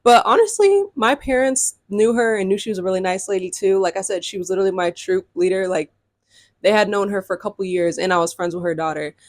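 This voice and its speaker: A fast-talking young woman with a mid-range voice shares a laid-back storytime vlog on YouTube. Loose and talkative, she sprinkles in "like" constantly and keeps saying "y'all" to her audience. The sound is dry and studio quality.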